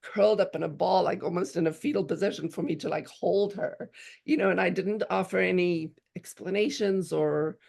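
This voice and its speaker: A woman's voice: on the low side, normal speed, gravelly, darkish tone. A middle-aged woman telling a personal parenting story in a casual, earnest way, with frequent restarts. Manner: earnest, many restarts and "you know"s, acts out quoted voices.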